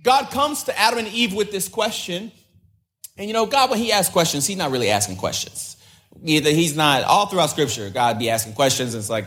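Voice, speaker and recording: A man delivers a sermon as a pastor, mixing scripture with slangy, conversational asides. His voice sits slightly high for a man, and he slips into quick impressions of the people in his stories. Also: very animated, fairly bright tone. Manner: casual and slangy, acts out quoted voices; repeats key lines with emphasis.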